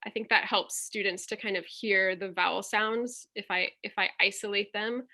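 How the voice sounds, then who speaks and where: A woman's voice: mid-range voice, steady tone, moderate pace, sharp tone. A woman teaching on a video call, patiently explaining and sounding out vowels step by step. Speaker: teacher presenting a workshop. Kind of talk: online teaching demonstration. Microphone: computer mic on a video call.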